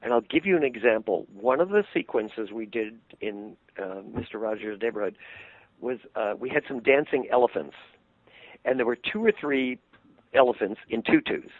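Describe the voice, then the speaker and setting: An older man, a puppeteer, telling animated anecdotes in an interview and laughing easily. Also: mid-range voice, normal speed, no echo. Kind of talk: interview storytelling. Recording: tinny phone-line sound, dry.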